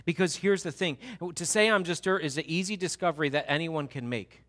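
A man's voice: on the high side, brisk, fairly bright tone. A man preaching a sermon in an earnest, emphatic way, often restarting his words.

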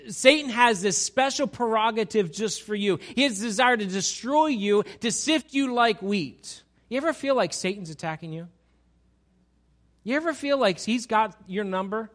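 Pastor guy preaching, lively, keeps asking the room questions, fairly high voice. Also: normal speed. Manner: animated, asks the congregation rhetorical questions. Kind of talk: sermon.

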